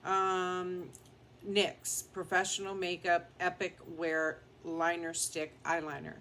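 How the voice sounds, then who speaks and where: A woman beauty vlogger talks her way through her makeup at home in a loose, down-to-earth ramble. Her voice sits a little low and she takes her time over every phrase. A faint hum of room noise stays underneath. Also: fairly bright tone. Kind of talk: casual chat while doing makeup.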